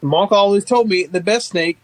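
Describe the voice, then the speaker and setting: A man from Northeast Florida, a podcast guest telling stories in a relaxed, casual way with lots of fillers. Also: sits high, fast talker, poor audio. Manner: relaxed storytelling with many fillers. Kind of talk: casual conversation.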